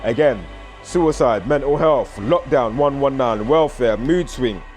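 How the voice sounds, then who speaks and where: A man's voice: mid-range voice, measured pace, darkish tone, faint music behind. A man with a British accent, rambling through a casual vlog commentary and reeling off strings of numbers. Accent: British English. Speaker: vlogger.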